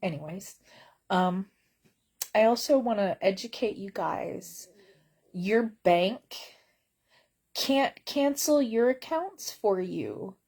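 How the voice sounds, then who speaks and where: A woman's voice: mid-range voice, darkish tone. A woman vlogging from bed at home in casual chat, wry and blunt, rambling with lots of fillers.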